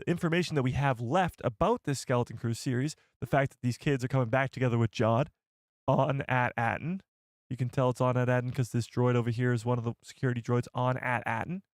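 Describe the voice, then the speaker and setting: A man hosting a casual live stream, excitable and rambling as he reads the chat. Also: mid-range voice, no room sound, studio quality.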